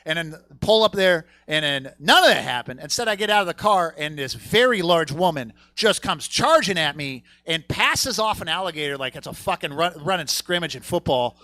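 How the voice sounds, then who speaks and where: A man's voice: on the high side, lively intonation, moderate pace, pushed and bright. A man doing a stand-up comedy set on a theater stage, telling a rambling, crude story and working the crowd.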